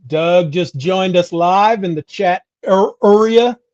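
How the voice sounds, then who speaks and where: A man's voice: sits high, slow, a little mellow, no echo, dull audio. A man hosting a podcast in casual chat, easygoing, with loose fillers. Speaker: podcast host.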